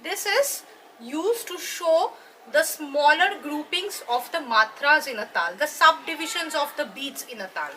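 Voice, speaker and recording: A woman's voice: high-pitched, expressive, measured pace, bright, forceful tone, a little hiss or hum. A woman, patiently explaining a dance lesson and checking in with her students as she goes. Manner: patient, checks in with "right?" and "okay?". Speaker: dance teacher.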